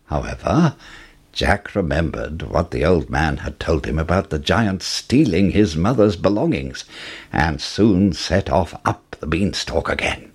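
A man narrating a children's fairy tale in an expressive reading voice. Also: low voice, unhurried, slightly rough. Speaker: storyteller.

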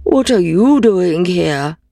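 A friendly, hopeful old donkey from a fairy tale, talking in a slow, husky voice, as a woman reads him. The sound is dry and close. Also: fairly low pitch, animated, mellow, no echo, exaggerated voice.

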